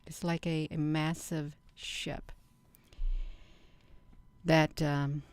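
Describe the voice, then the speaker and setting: A middle-aged woman hosting her own channel, talking slowly and earnestly to her viewers in a rambling casual monologue. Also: low voice, level tone, clear, resonant tone, no room sound. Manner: slow, earnest, addresses viewers as "you all". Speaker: channel host.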